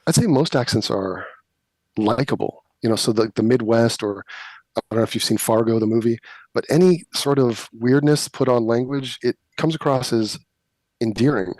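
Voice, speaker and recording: A man's voice: mid-range voice, normal speed, darkish tone, no room sound. Interview guest, male, Californian accent, opinionated, wry, dry close sound. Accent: Californian American. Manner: talkative, opinionated, wry, says like often. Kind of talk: casual interview chat.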